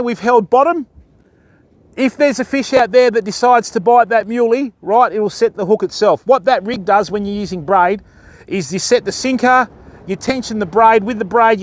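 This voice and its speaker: A man with an Australian accent hosting a live beach-fishing stream outdoors, chatting to viewers and explaining his rigs. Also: high voice. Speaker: fishing livestream host. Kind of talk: casual live-stream commentary.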